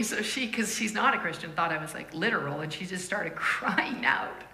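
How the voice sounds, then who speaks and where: A woman preaching a sermon as a lively storyteller, laughing often and acting out the voices of people in her stories. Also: lowish voice, fairly quick, few pauses, echoey room.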